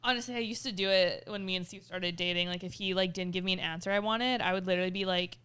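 A woman co-hosting a podcast, casually telling stories with animated retellings. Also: lowish voice, fast, clear, resonant tone. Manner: chatty storyteller, animated retellings. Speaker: podcast co-host. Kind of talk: casual chat.

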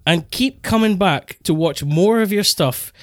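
A man's voice: high-pitched, a little slow, no echo, clean studio sound. Rambling man, podcast host. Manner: rambling, animated storytelling with self-corrections. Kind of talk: casual podcast chat.

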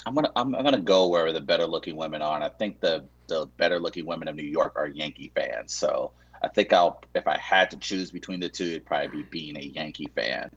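A man's voice: very deep voice, fast, breathy edge, lo-fi sound. A man from Saint Louis, a guest in a casual chat, rambling with dry humor and frequent restarts.

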